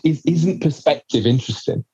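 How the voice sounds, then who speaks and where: Guy hosting a chat show, raspy mellow voice, rambles a bit, dull lo-fi recording. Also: on the high side, moderate pace. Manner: reflective, rambling, swears casually. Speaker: podcast host. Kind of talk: casual conversation.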